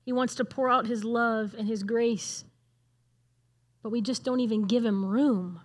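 A woman's voice: fairly high pitch, steady tone, measured pace. A middle-aged woman giving a conversational sermon, earnest and asking the room questions. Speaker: speaker at a church gathering.

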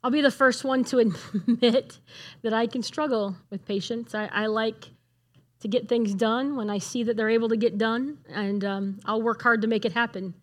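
A woman's voice: on the high side, steady tone, normal speed. A middle-aged woman giving a conversational sermon, earnest and asking the room questions. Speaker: speaker at a church gathering.

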